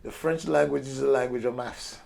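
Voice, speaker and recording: Creaky older man on a rambling rant. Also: medium pitch, steady tone, fairly quick, crowd noise. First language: Portuguese. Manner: rambling, profane, acts out characters in quotes. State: tipsy. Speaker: show regular. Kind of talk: rambling drunken history rant.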